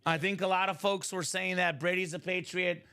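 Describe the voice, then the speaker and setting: A man hosting a live card-break stream, chatting casually and pitching breaks with lots of filler words. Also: steady tone, moderate pace, sharp tone, clear, resonant tone. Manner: upbeat, chatty, salesy, many "uh" fillers. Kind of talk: casual sales chat on a livestream.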